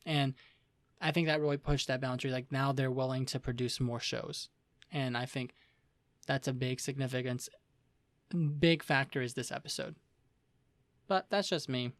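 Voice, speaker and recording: Young male co-host, casual and animated, mid-range voice, close dry mic. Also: mid-range voice, no room sound. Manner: animated, rambling, quick to laugh. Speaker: podcast co-host. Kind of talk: casual anime review chat.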